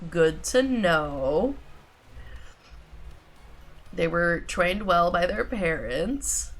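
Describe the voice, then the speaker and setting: A woman plays a video game on stream, swearing casually and delivering dry, sarcastic remarks with little energy.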